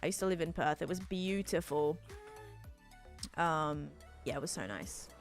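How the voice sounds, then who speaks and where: A woman's voice: low-pitched, unhurried, soft background music. A woman from Sydney with an Australian accent, chatting casually with viewers during a game stream and answering chat in a rambling way.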